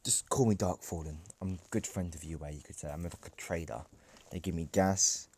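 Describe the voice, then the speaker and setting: Easygoing young male hero, low voice, mellow tone, casual delivery, read by a man. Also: moderate pace, breathy edge.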